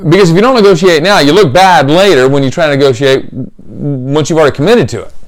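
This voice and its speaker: A man gives a short workplace advice talk in a conversational way, acting out office exchanges. His voice sits a little high and swings animatedly up and down. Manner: conversational, acts out office exchanges with lively shifts. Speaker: business trainer.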